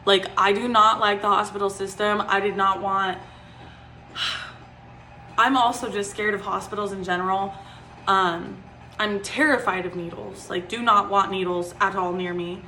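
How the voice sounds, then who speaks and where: A young woman in her twenties chats through a personal story, her voice bright and clear. She talks casually, leaning on "like" and "um" as she goes. The room gives her voice a noticeable echo, with a faint hiss behind it. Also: medium pitch. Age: 20s. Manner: chatty, frequent "like" and "um" fillers. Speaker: vlogger. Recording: roomy echo.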